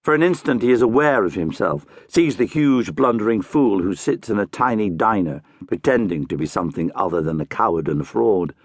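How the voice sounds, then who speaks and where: A man narrating a crime novel audiobook in a measured, dramatic storytelling manner. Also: low-pitched, slightly rough, dry recording, clean studio sound.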